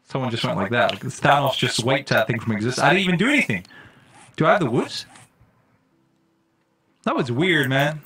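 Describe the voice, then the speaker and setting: A young man streaming a survival game, chatting casually and breaking into loud, startled, swearing reactions. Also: mid-range voice, lively intonation, brisk, long pauses, slightly rough, faint music behind. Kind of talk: casual live-stream commentary.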